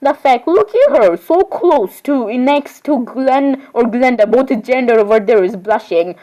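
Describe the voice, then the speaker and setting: High-voiced woman voicing a doll role-play. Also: animated, measured pace, dark tone, low-quality recording. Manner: rambling, chatty, with sudden squeals of surprise. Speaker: voicing all the dolls in a homemade role-play.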